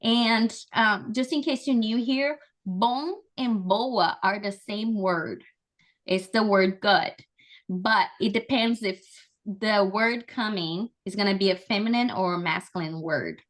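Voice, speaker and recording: A woman's voice: mid-range voice, measured pace. A woman from Brazil, leading an online language lesson with call-and-repeat drills in an upbeat, encouraging, chatty way over a video call. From Brazil, Amazonas. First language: Portuguese. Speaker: language and culture trainer.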